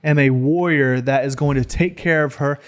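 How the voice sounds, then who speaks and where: A young man co-hosting a reaction video, joking and animated in casual chat. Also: mid-range voice, moderate pace. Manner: joking, animated, playful voices.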